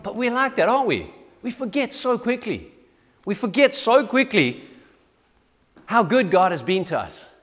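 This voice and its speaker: A man's voice: sits high, sing-song, normal speed, long pauses, a bit bright, big-room sound. A man preaching a sermon in a conversational, self-deprecating way with frequent restarts. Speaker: pastor. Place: church.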